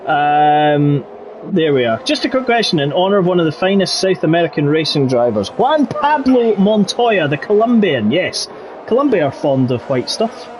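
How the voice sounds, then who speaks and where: High, excitable male race commentator. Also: normal speed, slight background noise. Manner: excitable, voice jumps high in close battles. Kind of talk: live sim racing commentary.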